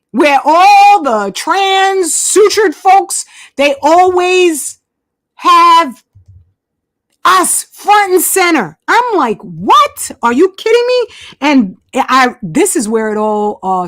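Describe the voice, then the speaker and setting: Host type: high, expressive woman; repeats for emphasis; dry close-mic sound. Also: slow, no room sound. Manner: emphatic, repeats herself, asides while searching screen. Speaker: channel host. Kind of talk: casual monologue to viewers.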